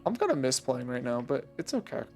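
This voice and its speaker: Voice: mid-range voice, very animated, brisk, darkish tone. Joking streamer over faint game music. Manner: joking, teasing, talks to chat. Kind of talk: casual live-stream gameplay commentary.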